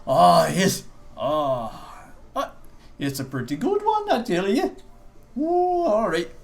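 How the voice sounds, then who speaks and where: A man's voice: high-pitched, very animated, takes it slowly, vocal fry, voice pushed up, heavily acted. A man voicing a friendly male sword shopkeeper in a put-on Canadian accent that keeps slipping into Scottish, with sing-song patter. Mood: cheery. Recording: music playing behind.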